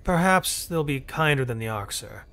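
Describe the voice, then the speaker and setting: A man voicing a skeptical male alien advisor who speaks gruffly and doubtfully. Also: on the high side, expressive, normal speed, bright, forceful tone.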